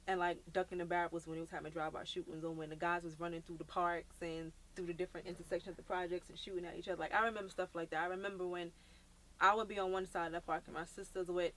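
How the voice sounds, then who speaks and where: Podcast host, thirties, rapid and lower-pitched, blunt street slang. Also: female voice, level tone, a bit bright. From Brooklyn, New York. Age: 30s. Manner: blunt, slangy, storytelling with many "like" fillers. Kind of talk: casual podcast chat.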